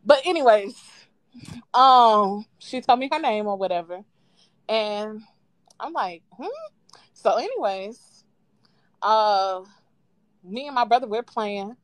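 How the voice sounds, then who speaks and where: A woman calling in to a live show, casually telling a childhood story with lively quoted voices and frequent laughs. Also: medium pitch, takes it slowly, pauses often, dry recording. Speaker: caller. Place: at home on a live call. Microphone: phone.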